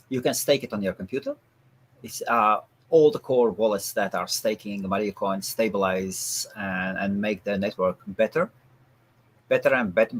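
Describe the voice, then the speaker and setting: A man hosting an interview show, chatting casually and promoting products, with a halting way of breaking off and restarting phrases. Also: fairly low pitch, fairly bright tone. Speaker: show host.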